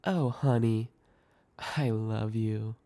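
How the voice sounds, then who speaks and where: A man reading a young woman's lines in an audio screenplay, talking down to her boyfriend in a soft, condescending voice. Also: on the high side, sing-song, brisk, voice pushed up. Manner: condescending, mock British accent at times.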